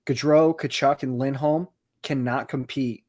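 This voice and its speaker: A man co-hosting a podcast, giving steady, analytical hockey talk with frequent "you know"s. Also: medium pitch, a little slow. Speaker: podcast co-host. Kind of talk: casual hockey chat.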